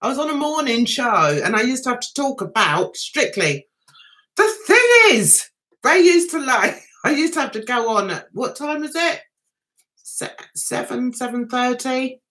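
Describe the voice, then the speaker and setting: Animated chatty woman. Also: high-pitched, measured pace. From United Kingdom. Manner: chatty, animated storytelling with mimicked voices. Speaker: livestream host. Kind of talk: casual livestream chat.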